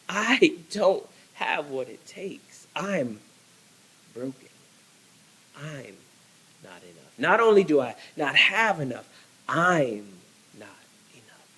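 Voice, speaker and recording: A man voicing an insecure, tongue-tied man who pleads and falters, his words trailing off quietly. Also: on the high side, breathy edge, heavily acted, rough recording.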